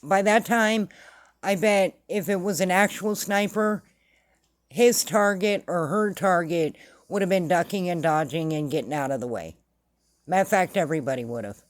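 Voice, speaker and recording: A woman's voice: lowish voice, moderate pace, no room sound. A woman hosting casual true-crime commentary, blunt and sarcastic. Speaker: commentary host.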